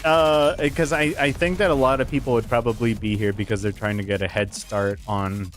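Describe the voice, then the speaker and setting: A man's voice: lowish voice, steady tone, fairly quick, a little hiss or hum. A man streaming from home into a studio microphone, casually chatting, telling stories animatedly with casual swearing and frequent laughter. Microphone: dynamic studio microphone.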